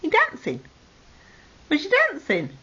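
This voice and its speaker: Lively high-voiced woman cooing at parrots. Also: measured pace. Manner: coaxing, affectionate scolding. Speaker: pet owner. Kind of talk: baby talk to pet parrots. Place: home room with parrot cages. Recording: lo-fi 2008 home video with faint noise.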